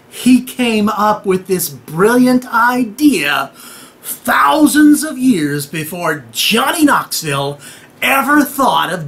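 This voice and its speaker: Animated, slow-talking male storyteller. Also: sits high. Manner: irreverent, jokey, talks straight to the audience; acts out voices and noises in the tale. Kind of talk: comic retelling of a myth.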